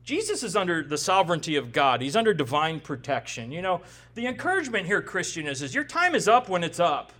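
Speaking a little fast with a sharp tone, a forties-aged male pastor with a highish, very animated voice gives an expository sermon. He's emphatic and conversational, often turning to his listeners with "right?"

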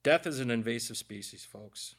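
A man's voice: medium pitch, moderate pace, husky. A man preaching a conversational sermon, earnest and emotional, with self-deprecating asides. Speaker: pastor.

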